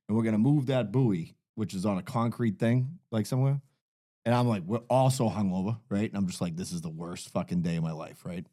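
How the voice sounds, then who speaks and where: A man's voice: on the low side, brisk, warm tone. Profane man spinning a yarn. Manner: profane, rambling storyteller. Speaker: guest. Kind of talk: casual podcast storytelling.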